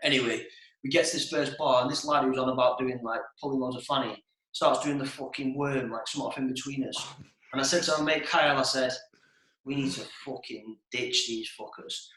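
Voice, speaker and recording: In an echoey room with poor audio, a young man co-hosting a podcast talks fast in a mid-range, fairly bright voice with a steady tone. His casual chat is full of crude nightlife anecdotes, swearing, and laughter in the middle of stories.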